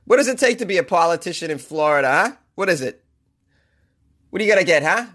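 A man's voice: high-pitched, expressive, quick pace, a bit bright. A man with a Boston accent hosting a comedy podcast, riffing sarcastically and rambling through his jokes. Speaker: podcast host. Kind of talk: comedic monologue.

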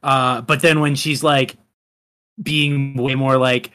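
A man's voice: medium pitch, flat delivery, takes it slowly, fairly bright tone, smooth. A man co-hosting a podcast, chatting casually about a film in a rambling way with many fillers. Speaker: podcast co-host. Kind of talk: casual chat.

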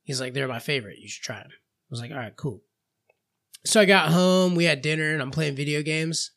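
Man, podcast co-host, a bit high-pitched, casual, giggly anecdotes. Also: brisk, a bit bright. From Florida. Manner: laughs often, tells stories with voiced quotes. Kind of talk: casual chat.

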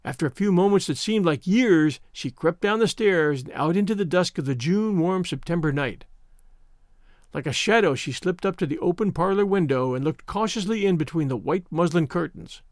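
A man narrating a storybook with a high, lively and dramatic delivery. The recording is dry and close, with no room echo. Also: moderate pace. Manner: expressive, dramatic. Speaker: audiobook reader.

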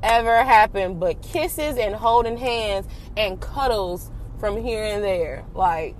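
A young adult woman telling a personal story in casual, slangy talk, animated and swearing freely. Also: medium pitch, takes it slowly, slight background noise.

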